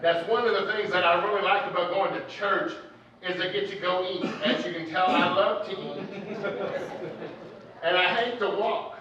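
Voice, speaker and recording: This preacher's voice is high-pitched and bright, with a forceful tone, moderate pace, and fairly even intonation as he gives a joking, folksy sermon told like a casual story. The church hall recording is distant, dull, and echoey, with a little hiss or hum.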